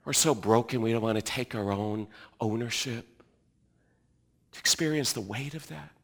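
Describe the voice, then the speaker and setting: Male pastor, middle-aged, bright tone, dynamic sermon delivery with loud and hushed passages. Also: medium pitch, normal speed, vocal fry. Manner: swings from loud emphatic preaching to hushed, near-whispered reflection.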